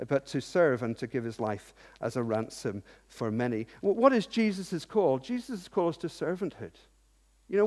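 A fairly high-voiced man preaches an earnest sermon, often stopping to ask rhetorical questions and stumbling over repeated words. His voice rings out with a long reverb that fills a large hall. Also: a little mellow.

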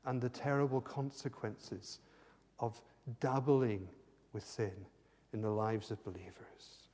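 A man preaching a sermon and leading prayer, impassioned, swinging from hushed tones to fervent outbursts. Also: mid-range voice, slow. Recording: long hall reverb.

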